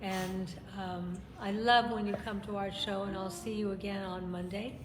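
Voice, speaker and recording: A woman's voice: mid-range voice, little pitch movement, moderate pace. A woman hosting a casual chat show, effusive and affectionate in how she talks. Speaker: host. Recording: echoey hall with background noise.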